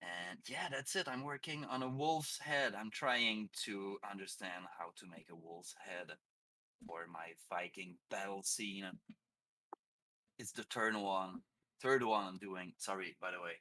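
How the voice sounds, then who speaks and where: A man from Quebec with a French-Canadian accent, chatting casually on a live stream while he works, laughing often and pausing between phrases. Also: deep voice, pushed and bright.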